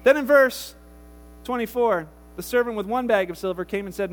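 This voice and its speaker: A man pastor preaches in a relaxed, conversational way, weaving casual asides into his retelling. His voice sits very high for a man, and he keeps the story lively. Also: moderate pace, long reverb tail. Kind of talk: conversational sermon.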